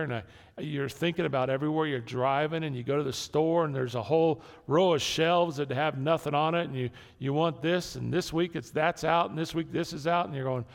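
In a church sanctuary with long hall reverb, a pastor speaks to his congregation in a conversational sermon, circling back on key words and restarting lines. He talks briskly in a creaky voice on the high side.

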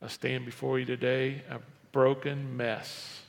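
Male pastor, gravelly tone, preaching with big dynamic swings, long hall reverb. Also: level tone, unhurried. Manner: preaching with sudden swings between loud emphasis and low, quiet asides. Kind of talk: sermon. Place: church.

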